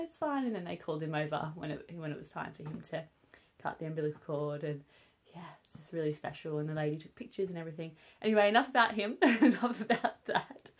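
A young woman with a British accent, chatting candidly to camera as a vlogger, with many fillers like "um" and "obviously". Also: low-pitched. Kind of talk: casual chat to camera. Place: at home with her newborn.

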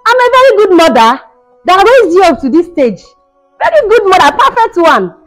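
Actress as mother-in-law, very high and swooping, bullying and shrill; faint music under. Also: very animated, moderate pace, fairly bright tone, full character voice. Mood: ranting. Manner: shrieking, taunting, mocking laughter. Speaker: actor in a skit. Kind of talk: home-made skit acting. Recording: dull sound with faint music behind.

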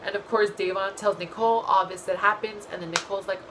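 A young woman vlogger recapping a reality show in a casual, gossipy way, blunt and full of swearing and animated asides. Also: medium pitch, fast talker, noisy background.

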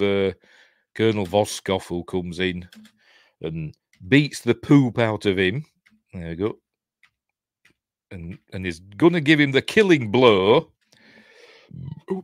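A middle-aged man with a broad Yorkshire accent rambles through a film he is watching, stopping often for ums and small chuckles. His voice sits a little low. The sound is dry and close. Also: dry recording. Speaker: channel host, film commentator. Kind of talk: casual movie watch-along commentary.

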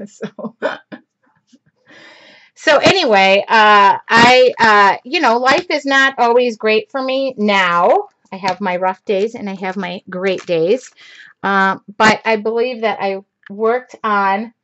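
A woman's voice: medium pitch, slow pace, a bit bright, lo-fi sound, a little hiss or hum. A middle-aged woman teaching a live-streamed painting session in a chatty, rambling way, laughing often. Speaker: art instructor.

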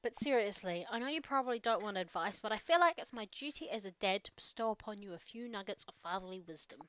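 A woman reading as a gentle game dad. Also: mid-range voice, fast, smooth, natural voice. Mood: earnest. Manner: calm, earnest, giving fatherly advice. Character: gentle, supportive single dad.

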